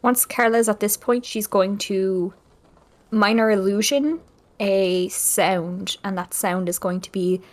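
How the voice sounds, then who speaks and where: A woman's voice: medium pitch, a little slow. A woman playing a tabletop game in casual chat, playful and jokey. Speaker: player.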